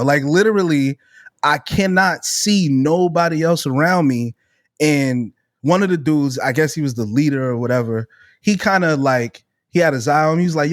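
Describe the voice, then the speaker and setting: Animated man telling a story, dry sound. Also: on the high side, moderate pace, dry recording. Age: around 30. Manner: animated, swears freely, acts out quoted voices. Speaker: podcast co-host. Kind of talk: casual storytelling chat.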